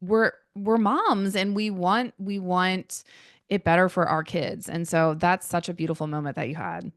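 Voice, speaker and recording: Smooth, low-voiced enthusiastic woman guest. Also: expressive, a little slow, no room sound, studio quality. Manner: enthusiastic and affirming, repeats her agreement. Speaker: podcast guest. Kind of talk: casual podcast chat.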